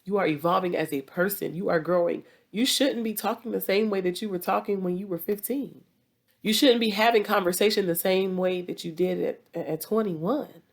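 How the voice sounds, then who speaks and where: A woman's voice: mid-range voice, normal speed, creaky. A woman with a Southern US accent hosting a relationship advice talk, speaking directly and repeating points for emphasis. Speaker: relationship advice podcast host.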